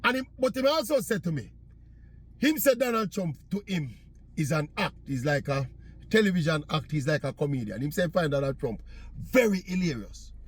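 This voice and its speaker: A man's voice: fairly high pitch, sing-song, moderate pace, slightly rough, no echo. A man from Jamaica with a Jamaican accent, chatting in patois as he tells a casual story. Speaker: vlogger.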